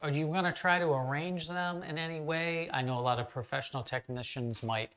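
A man's voice: fairly high pitch, fairly quick, fairly bright tone, smooth. A man co-hosting a live instructional stream, asking friendly questions and passing on viewer comments.

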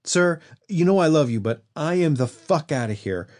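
A man performs a panicked, desperate young man in a fairly high voice, pitched above his own but close to an everyday voice. His intonation is lively, his tone darkish, and his speed normal.

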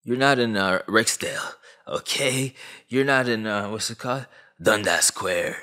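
A man in his twenties from Canada, a YouTuber delivering a comedic, slangy commentary rant. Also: a little slow. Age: 20s. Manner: animated, swooping pitch, slangy.

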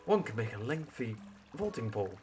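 A man's voice: big pitch swings, brisk, close to an everyday voice. A man voicing a fussy, scholarly male owl museum curator who is squeamish about bugs, reading game dialogue in a pompous, sophisticated tone. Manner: pompous, sophisticated tone with flowery wording and sudden squeaky jumps. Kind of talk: reading game dialogue aloud in character on a stream. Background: loud game music.

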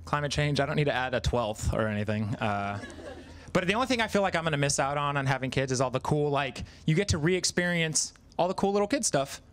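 A man's voice: on the high side, brisk, fairly bright tone, clear, resonant tone. A man in his thirties doing a stand-up comedy set on stage, conversational and self-deprecating, with lots of fillers. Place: live comedy stage, in front of an audience.

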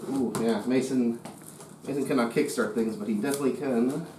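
A man's voice: medium pitch, fairly quick, warm tone. Joking man in an echoey room. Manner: joking, swears casually, exaggerated complaints. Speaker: co-host unboxing a computer. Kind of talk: casual chat. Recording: echoey room with faint noise.

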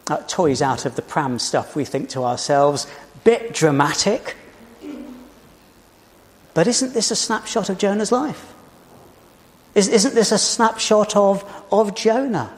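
A British man preaching a sermon in a church, telling the story in a measured way and posing rhetorical questions. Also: high voice, lively intonation. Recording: reverberant church hall.

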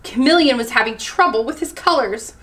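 Bright, lively woman reading aloud. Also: fairly high pitch, fairly quick. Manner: animated, expressive. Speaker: children's librarian. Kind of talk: children's story time reading.

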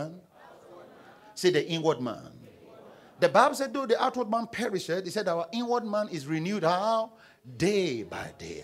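A man with a high, somewhat bright and husky voice preaches in church as pastor. He reads from scripture and questions his congregation, drawing answers back from them in call-and-response fashion.

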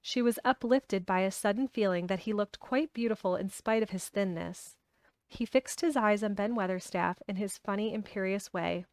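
A woman's voice: mid-range voice, normal speed, no echo. Woman reading a storybook aloud, dry sound. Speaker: audiobook reader.

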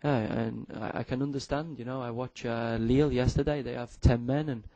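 A footballer from Liverpool answering at a press conference in a put-on French accent, halting with many fillers. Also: male voice, medium pitch, fairly even intonation, mellow, no echo, muffled recording. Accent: put-on French accent over a Liverpool voice. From Liverpool, England.

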